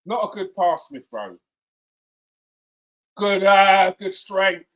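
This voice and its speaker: A man hosting a live football watchalong, reacting excitedly, shouting at players and swearing. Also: high-pitched, slow, long pauses.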